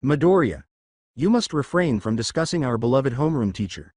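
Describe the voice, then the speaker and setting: A rule-bound teenage boy lecturing in formal phrases, voiced by a male narrator. The reading is lively in pitch and dry. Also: a little fast, no room sound, natural voice. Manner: formal, scolding.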